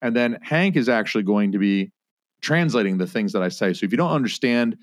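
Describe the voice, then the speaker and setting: A man's voice: fairly low pitch, lively intonation, a little fast, no echo, clean studio sound. A man hosting a podcast in casual chat, full of joking, crude banter. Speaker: podcast host.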